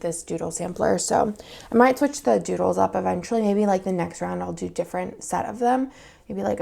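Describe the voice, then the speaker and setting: Woman, young adult, casual vlog chat, rambling, gravelly, mellow tone. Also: medium pitch. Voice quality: gravelly morning voice. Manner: rambling, filler-heavy, thinking aloud. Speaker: planner vlogger and shop owner.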